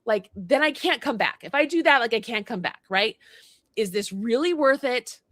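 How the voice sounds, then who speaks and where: A woman's voice: a little high, animated, moderate pace, a bit bright, dry recording, studio quality. A woman co-hosting a casual livestream chat, animatedly telling a story and acting out both sides of it. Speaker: co-host. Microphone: livestream mic.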